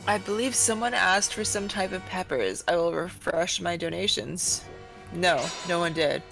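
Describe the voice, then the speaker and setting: A woman's voice: lowish voice, normal speed, vocal fry, music in the background. A woman co-hosting a charity stream, reading donations and teasing her co-host playfully. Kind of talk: casual stream chat.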